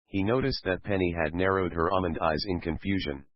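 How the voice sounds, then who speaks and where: A man with a very low voice reads a fan fiction story aloud at a steady pace. The recording is dull and lo-fi, and dry, with no room sound. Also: a little fast, few pauses, dry recording. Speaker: narrator.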